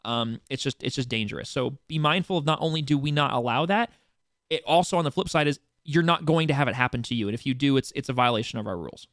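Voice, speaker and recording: Here a roleplay server staffer with a medium-pitched, slightly bright voice talks fast and animatedly through a casual community meeting. He keeps restarting and filling gaps while listing reminders, swearing now and then to stress a point, all in clean studio sound with no room echo.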